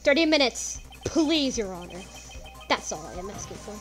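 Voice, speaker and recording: A woman's voice: on the high side, big pitch swings, moderate pace, a bit bright, faint music behind, pitched below the performer's own voice. Lady reading a stiff formal prosecutor guy, polite and insistent. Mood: pleading. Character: cool, formal young male prosecutor.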